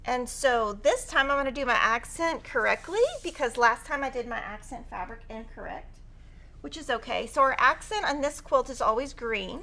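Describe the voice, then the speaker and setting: A woman's voice: fairly high pitch, normal speed, sharp tone. A woman teaching a quilting tutorial on a live stream, chatty and upbeat as she talks through cutting fabric. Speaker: quilting instructor.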